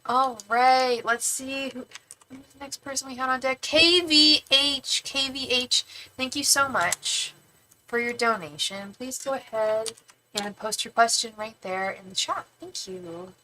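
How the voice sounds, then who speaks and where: A woman's voice: sits high, a little slow, bright, forceful tone, slight background noise, poor audio. A woman tarot reader on a live stream, chatting casually and affectionately with viewers, with lots of fillers.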